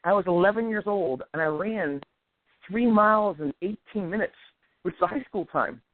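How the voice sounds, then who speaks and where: A man in his forties, a guest in a casual chat, telling stories with animated delivery and acting out quoted voices. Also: high-pitched, normal speed, dry recording. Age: 40s. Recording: tinny phone line.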